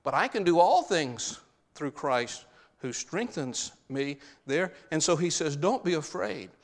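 A man's voice: on the high side, expressive, measured pace, big-room sound. A man preaching a sermon, stressing key phrases by repeating them.

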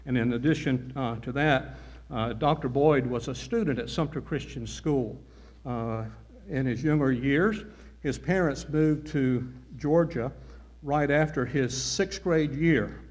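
An older man in his sixties, a longtime teacher, introduces the evening's speaker. He talks plainly and without hurry, pausing on fillers, in an ordinary mid-range voice. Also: mid-range voice, darkish tone.

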